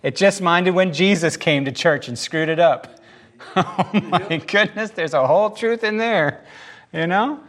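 A man preaching a casual sermon, animated and jokey, often acting out the voices in the scripture he reads. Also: high voice, measured pace. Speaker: pastor.

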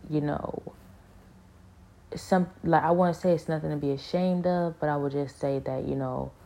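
A woman speaks in a low, flat, gravelly voice with a dark, mellow tone. She tells a personal spiritual story earnestly, stopping and restarting her sentences and leaning on fillers as she thinks aloud. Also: normal speed. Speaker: speaker sharing a spiritual experience. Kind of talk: personal testimony, casual monologue.

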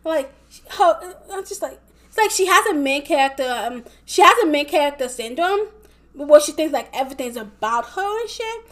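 High-voiced young woman rambling, full of "like". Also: expressive, moderate pace, a bit bright. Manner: filler-heavy, swears a lot, rambling. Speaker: vlogger. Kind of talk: casual rambling commentary.

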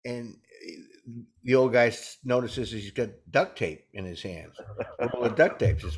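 A man's voice: medium pitch, unhurried, breathy edge. A man co-hosting a comedy talk, telling folksy jokes and laughing at his own punchlines. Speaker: co-host. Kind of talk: joke-telling banter.

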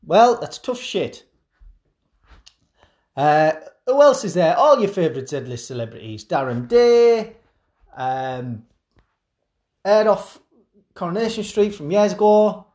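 A man's voice: high-pitched, sing-song, takes it slowly, pauses often, darkish tone, exaggerated voice. Gleeful gloating TV presenter, put on by a man. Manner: gloating, theatrical. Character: smarmy male TV presenter turned kidnapper, gleeful. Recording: roomy echoing room.

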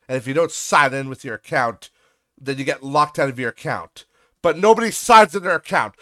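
A man's voice: sits high, fairly bright tone, dry recording, clean studio sound. Profane, sarcastic man ranting. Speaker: podcast host. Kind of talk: ranting podcast monologue.

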